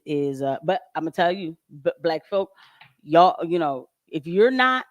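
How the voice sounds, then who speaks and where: A woman host in a casual podcast chat, speaking, animated and laughing often. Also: deep voice, dry recording, clean studio sound.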